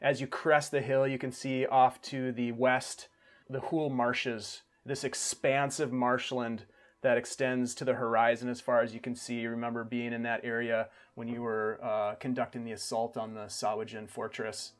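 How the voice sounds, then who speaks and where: A man running a tabletop game as game master, giving unhurried descriptive narration of the scene. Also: medium pitch, little pitch movement.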